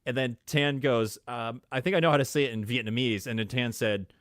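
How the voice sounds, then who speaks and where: A man's voice: medium pitch, a little fast, fairly bright tone, dry recording, studio quality. A man hosting a podcast in casual chat, telling stories with lots of fillers and hesitations. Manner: hesitant, filler-heavy storytelling. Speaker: podcast host.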